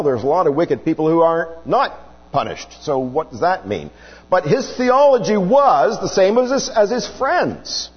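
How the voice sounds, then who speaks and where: Male preacher, earnest sermon delivery, animated pitch, long hall reverb. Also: highs cut off. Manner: earnest, explanatory, rhetorical questions. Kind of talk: sermon teaching on scripture.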